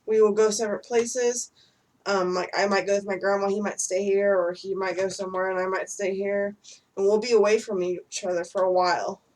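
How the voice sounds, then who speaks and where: A woman's voice: medium pitch, steady tone, brisk, darkish tone, recorded from a distance, low-quality recording. Chatty young woman, a bit off-mic. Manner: chatty, rambling, many fillers. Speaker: vlogger answering questions with her husband. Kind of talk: casual chat.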